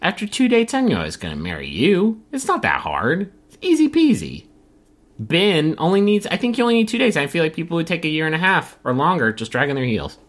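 Brief: male podcast co-host, lively pitch, jokey and animated. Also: fast, few pauses. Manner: animated, joking, swings into high mock voices. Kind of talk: casual chat.

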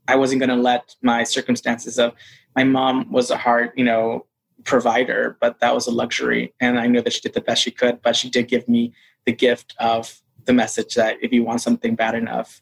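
A man, an actor being interviewed, telling a personal story in a lively, casual way. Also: medium pitch, creaky, poor audio. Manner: animated, acts out quoted voices. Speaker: actor guest.

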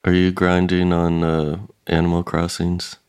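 Deep-voiced guy cohost, slow and deadpan, goofy jokes. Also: clean tone. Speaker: podcast co-host. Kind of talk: casual comedic chat.

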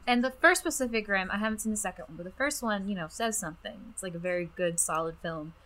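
A woman co-hosting a podcast in relaxed, chatty conversation. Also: mid-range voice, fast. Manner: relaxed, chatty, laughs easily. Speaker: podcast co-host. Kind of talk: casual chat.

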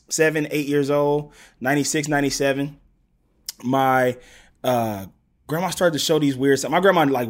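A man, a podcast guest telling a long story. His voice sits at an ordinary mid pitch, and he jumps into other people's voices as he goes. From US South, Gulf Coast. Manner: animated storyteller, acts out quotes. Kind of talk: casual storytelling interview.

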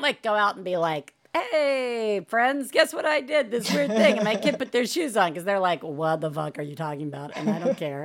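A woman hosting a podcast in casual chat, talking candidly and animatedly and swearing freely. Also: mid-range voice. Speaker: podcast host.

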